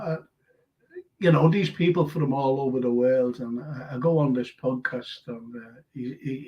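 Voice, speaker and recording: Slow-talking Scouse man hosting a show. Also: fairly high pitch. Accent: Liverpool Scouse. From Liverpool, England. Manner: chatty, rambling, many fillers and restarts. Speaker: radio show host reading listener comments. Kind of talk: casual live show chat. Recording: dull lo-fi stream audio.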